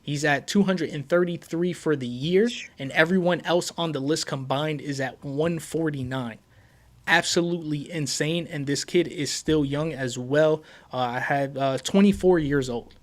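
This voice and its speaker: A Puerto Rican man hosts a casual sports podcast, his voice sitting on the higher side for a man. He talks excitedly, stumbles and repeats words, and leans on fillers as he goes. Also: moderate pace. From Puerto Rico. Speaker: podcast host.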